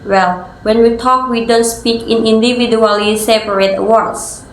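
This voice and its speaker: A young woman giving a class presentation as a student, explaining slowly and carefully. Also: a little high, steady tone, slight background noise. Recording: echoey room.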